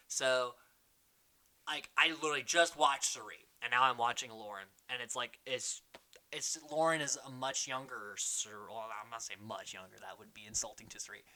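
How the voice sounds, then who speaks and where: A podcast host in casual chat, rambling and excitable, packing the talk with fillers. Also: mid-range voice. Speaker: podcast host recapping a reality show.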